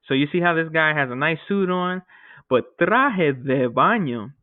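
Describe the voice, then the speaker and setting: A man teaching a Spanish vocabulary lesson to his class, explaining each word step by step and often checking with a quick "okay?". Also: fairly high pitch, dry recording. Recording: tinny phone-like audio.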